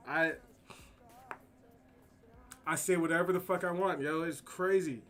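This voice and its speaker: Man, laid-back slang-heavy storyteller, curses a lot, slightly high-pitched voice. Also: steady tone, a little slow, fairly bright tone. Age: adult with kids. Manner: profane, slangy, rambling anecdotes. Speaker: streamer. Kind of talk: casual storytelling while drawing.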